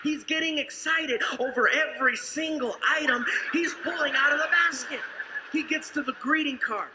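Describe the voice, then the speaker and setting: A male stand-up comedian telling a story on stage, animated and acting out each character. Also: very high voice, normal speed. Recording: live stage set with loud crowd noise.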